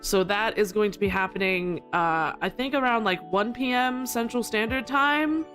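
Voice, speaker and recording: A woman streamer chatting casually to her live audience, rambling with lots of giggles and jumping up into squeaky protests when flustered. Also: normal speed, fairly bright tone, soft background music. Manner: giggly, rambling, with frequent laughter.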